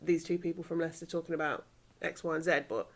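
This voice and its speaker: A woman from Birmingham with an English Midlands accent, co-hosting a casual podcast in a relaxed way. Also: sits low, fast. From Birmingham, England. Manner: relaxed, brief agreeing replies. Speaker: podcast co-host. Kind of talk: casual chat.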